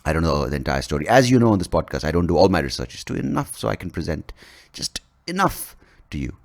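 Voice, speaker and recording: A man rambles through a comic podcast monologue, swearing freely and poking fun at himself. His low voice is gravelly and rises and falls in lively swings. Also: quick pace. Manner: profane, rambling, self-mocking. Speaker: podcast host. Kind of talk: comedic monologue.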